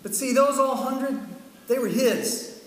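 A middle-aged man preaching a sermon, telling a story in an animated way and acting out the dialogue. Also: very high voice, takes it slowly. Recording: echoey hall from far off, faint ambience.

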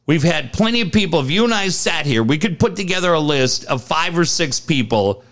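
A man's voice: on the high side, expressive, a little fast, a bit bright. A man co-hosting a sports podcast in casual, blunt and profane talk. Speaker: podcast co-host.

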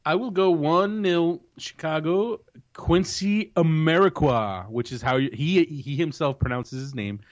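A man's voice: a little high, a little slow, hardly any pauses. Chatty male soccer podcast host, lo-fi. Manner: chatty, opinionated predictions with frequent restarts. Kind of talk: casual sports chat. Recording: dull lo-fi recording.

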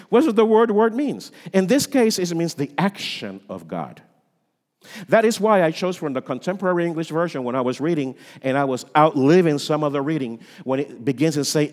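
Pastor guy preaching, lively sing-song pitch, big church echo, goes loud then hushed. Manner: dramatic, swings between loud and hushed. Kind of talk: sermon. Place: church sanctuary. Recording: long reverb of a church hall.

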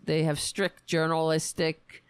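Woman, solo political rant, sarcastic, exasperated, a little hoarse, lowish voice, dry close sound. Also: monotone, measured pace, no room sound. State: losing her voice. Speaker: political commentary host. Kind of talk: ranting solo political commentary.

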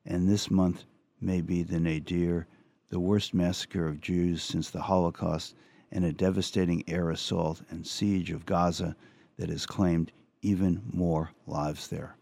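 A male radio talk show host, reading an opinion piece aloud with earnest, measured commentary and some halting restarts. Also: little pitch movement, dark tone. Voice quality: low gravelly voice. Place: radio studio.

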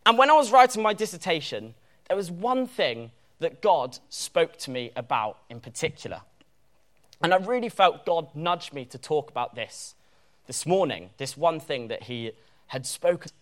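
A young man preaching a sermon, animated and joking about himself, leaning hard on key words. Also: fairly high pitch, moderate pace. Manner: animated, self-deprecating humour, stresses key words.

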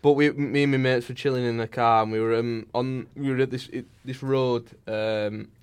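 A man's voice: mid-range voice, fairly even intonation, normal speed, clear, resonant tone. A young man, chatting casually and telling a rambling story with many fillers and laughs. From northern England. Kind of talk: casual chat.

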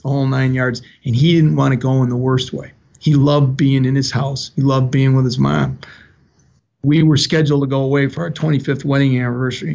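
In a dull lo-fi recording, an older guest recounts a personal story earnestly and without ornament, emotion never far away. He has a mid-range voice that is creaky and darkish in tone.

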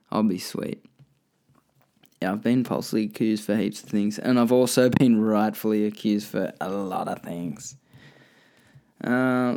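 A man's voice: on the low side, darkish tone. An Australian man hosting a podcast, answering listener questions in rambling, profane casual chat that keeps correcting itself. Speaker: podcast host.

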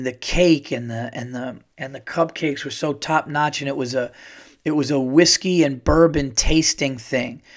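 A middle-aged man hosts his podcast and tells a long personal story. He rambles, gets excited and swears freely. His voice sits in an ordinary middle pitch. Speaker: podcast host. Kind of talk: casual storytelling monologue.

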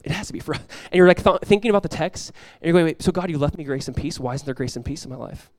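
A male pastor preaching in a conversational sermon style, dropping to a hushed voice when acting out prayers. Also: a little high, rapid-fire, no echo, clean studio sound.

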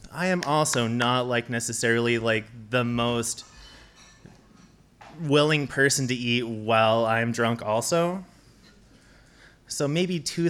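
A man telling a funny personal story on stage, chuckling and rushing through his asides. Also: medium pitch, a bit bright, clean tone. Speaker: storyteller at a live show. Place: stage at a live event.

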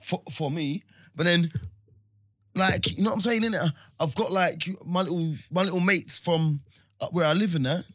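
A man's voice: high-pitched, moderate pace, a bit bright, no echo, studio quality. A young man with a London accent, chatting in a laid-back, rambling way on a casual podcast. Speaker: podcast co-host. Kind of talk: casual chat.

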